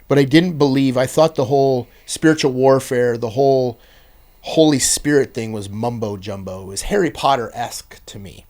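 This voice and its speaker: A man, a podcast guest, telling his personal testimony in an earnest, intense way, swinging between loud bursts and hushed passages. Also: mid-range voice, normal speed.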